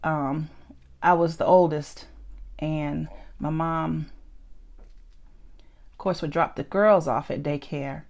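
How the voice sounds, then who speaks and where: Woman, low voice, casual eating vlog chat, rambling, laughs often. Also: fairly even intonation, slow, creaky, pauses often, darkish tone. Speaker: mukbang vlogger.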